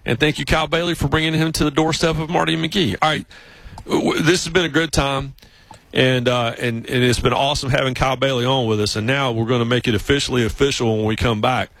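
A sports radio host with a Southern accent tells stories in a lively way and slips into mimicking other voices. His voice sits at an ordinary male pitch and sounds dry and close to the studio mic. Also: fast, no room sound, poor audio. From South Carolina, US South. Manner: animated storyteller, mimics other voices, laughs often. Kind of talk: casual radio storytelling. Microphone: studio microphone.

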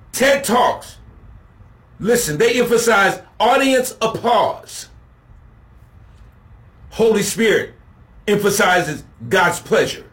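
Man, preacher, sermon, slow delivery, slightly high voice, emphatic refrains. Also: a bit bright.

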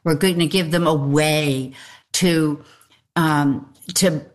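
A woman speaking from her home in an interview, slow and earnest with hesitations. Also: low voice, steady tone. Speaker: interviewee, nonprofit founder. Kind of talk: casual interview answers.

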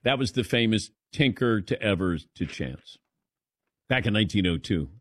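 A man's voice: lowish voice, animated, normal speed, no room sound, clean studio sound. A man hosting a sports radio show, joking and teasing his co-hosts in casual banter.

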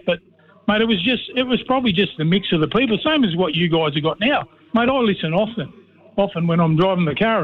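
A middle-aged Australian man, a former player and commentator, rambling through stories on a radio show and saying "mate" in nearly every line. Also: high-pitched. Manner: rambling storyteller, says "mate" constantly. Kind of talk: casual radio chat by phone. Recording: tinny phone line.

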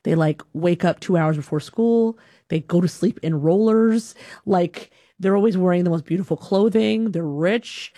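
A woman from Alabama telling a personal story in a lively, self-deprecating way, slipping into voices as she talks. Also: on the low side, normal speed, dry recording, studio quality. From Huntsville, Alabama, USA.

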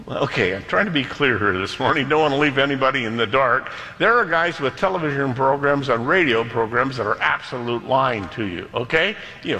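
A male pastor delivering a sermon with a bright, forceful tone. He stresses key phrases by slowing right down, then hurries through quick asides. His voice carries a long reverb from the church hall around him. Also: medium pitch, lively intonation. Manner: emphatic, dramatic slowdowns, quick asides.

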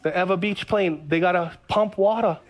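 A man, a pastor preaching an energetic sermon full of personal stories. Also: high voice, very noisy. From Hawaii. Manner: energetic, storytelling with dramatic pauses.

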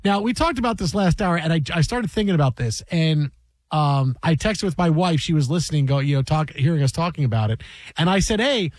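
A man in his forties hosting sports radio, telling stories with lively acted-out quotes. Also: fairly high pitch, brisk, no echo. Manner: animated storyteller, acts out quotes loudly. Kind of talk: casual sports radio banter.

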